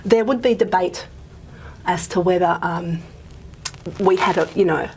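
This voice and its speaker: A woman's voice: fairly low pitch, measured pace, a little mellow, slight background noise. A woman giving a pre-recorded linguistics lecture, thinking aloud and dropping to a murmur as she writes on the board. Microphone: microphone she wears.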